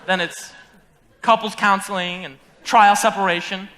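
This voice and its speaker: A man's voice: high-pitched, fairly even intonation, a little slow, pushed and bright, a little hiss or hum. A young man playing a wistful show-tune fan. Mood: confiding. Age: young adult. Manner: confiding, wistful, rambling. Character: lonely theatre-loving man narrating from his chair. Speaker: stage actor. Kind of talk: live stage musical acting. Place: school stage.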